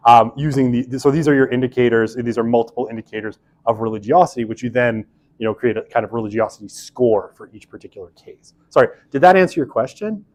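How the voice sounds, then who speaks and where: A man's voice: mid-range voice, quick pace, a little mellow. A man teaches a university class in a loose, conversational way. He fills his sentences with asides and fillers and pokes fun at himself as he explains. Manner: chatty, many fillers and asides, self-deprecating. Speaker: university lecturer. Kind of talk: casual classroom lecture.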